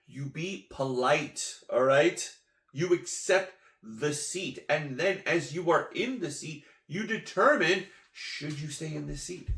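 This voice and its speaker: A podcast host tells a rambling, jokey story in a gravelly, mid-pitched voice and acts out bits along the way. The recording sits in an echoey room. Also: male voice. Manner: playful, jokey, acts out quotes and sound effects. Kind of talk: casual storytelling monologue.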